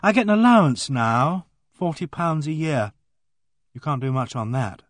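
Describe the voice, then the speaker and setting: A man's voice: on the high side, very animated, normal speed, dry recording. A man reading aloud and voicing a sullen, awkward teenage girl who talks bluntly and gloomily. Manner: blunt, gloomy, bursts into bitter outbursts.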